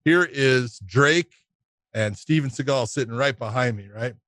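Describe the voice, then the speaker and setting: A middle-aged man co-hosting a podcast, telling a long, animated anecdote with frequent laughter and swearing. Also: mid-range voice, a little slow, no echo. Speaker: podcast co-host.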